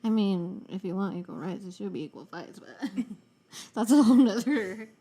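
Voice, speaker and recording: A woman's voice: mid-range voice, moderate pace. A young woman co-hosting a podcast in casual chat, laughing often and swearing freely. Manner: laughing often, profane and animated. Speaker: podcast co-host.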